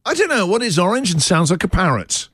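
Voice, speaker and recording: A man's voice: high voice, sing-song, a little fast, a bit bright, breathy edge, no room sound. A man hosting a live breakfast radio show, chatting with callers in a playful, enthusiastic, teasing way from a studio microphone.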